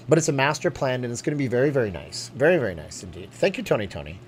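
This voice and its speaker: A man from Canada chats his way through a live stream, answering viewers as he goes. His delivery is loose and rambling, hopping from one thought to the next, and his pitch rises and falls freely. A faint ambient hum sits behind him. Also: rapid-fire. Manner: chatty and animated, jumping between topics.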